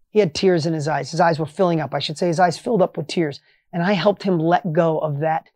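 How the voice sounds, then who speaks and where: A man hosting a motivational podcast tells a coaching story with emphatic energy, his volume swinging from loud peaks to quiet asides. The recording is dry.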